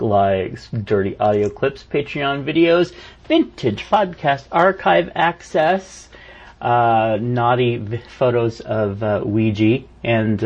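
A man's voice: mid-range voice, husky, lo-fi sound. A man co-hosting a casual podcast, joking and teasing his co-host. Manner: playful, teasing, mock voices. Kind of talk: casual banter.

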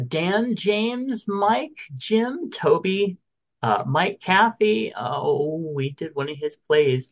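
A man co-hosting a podcast, talking slowly with a gravelly edge and a lively, swinging pitch. His voice comes through a dull, slightly lo-fi recording. He chats casually while reading out birthdays and listener notes. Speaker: podcast co-host. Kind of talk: casual chat.

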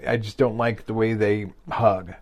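A man's voice: fairly low pitch, steady tone, normal speed. A man co-hosting a podcast, telling long stories in a casual, rambling way with lots of fillers and asides, laughing as he goes. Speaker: podcast co-host. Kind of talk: casual storytelling chat.

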